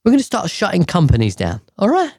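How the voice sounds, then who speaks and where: A man's voice: sits high, wildly swooping pitch, fast talker, vocal fry, darkish tone. A man, hosting a solo podcast in a sweary, rambling, exasperated way. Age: 30s. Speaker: podcast host. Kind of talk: casual solo podcast chat. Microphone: podcast mic.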